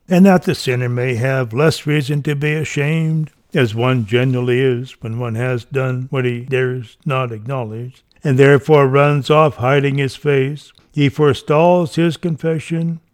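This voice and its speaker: A man's voice: medium pitch, fairly even intonation. A man reading an old sermon aloud in an earnest, fervent way, his voice rising on each plea. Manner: slow, earnest, fervent delivery with rising pleas. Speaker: reader.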